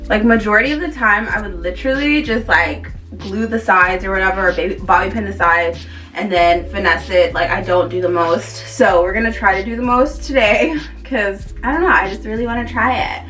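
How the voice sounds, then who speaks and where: A woman's voice: mid-range voice, brisk, sharp tone. Woman, beauty vlogger, casual rambling chat, slightly distant mic, faint background music. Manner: chatty, rambling, lots of "like".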